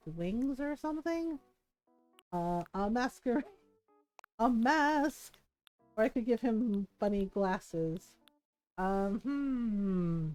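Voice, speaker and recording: A woman's voice: mid-range voice, mellow, no echo, low-quality recording. A woman streaming a game, chatting casually, musing aloud and laughing often. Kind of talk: casual livestream chat.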